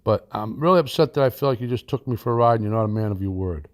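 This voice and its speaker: A man voicing an upset retired older man who feels cheated on a land sale, talking haltingly and repeating himself. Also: fairly low pitch, natural voice. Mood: aggrieved.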